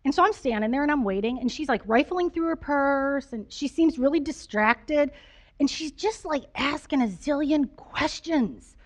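A woman's voice: sits high, expressive, normal speed. A woman pastor giving a conversational storytelling sermon, chatty and self-deprecating, with lots of fillers.

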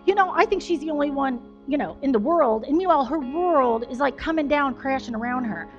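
A woman pastor with a high voice tells a story from the pulpit in a chatty, self-deprecating way, full of fillers. Faint music plays underneath. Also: expressive, normal speed, hardly any pauses, highs cut off. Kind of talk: conversational storytelling sermon.

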